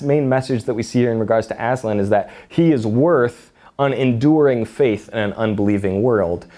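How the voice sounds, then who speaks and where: A man's voice: fairly low pitch, mellow. A man preaching, who reads a story aloud expressively and then reflects on it in an unscripted way, with some restarts. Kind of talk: reading a story aloud with religious commentary.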